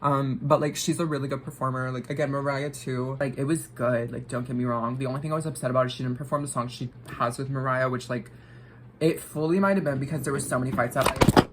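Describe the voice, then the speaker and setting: A woman's voice: rumbling low, steady tone, quick pace, background noise. A young woman vlogger telling a story while getting ready, rambling with lots of filler words and swearing.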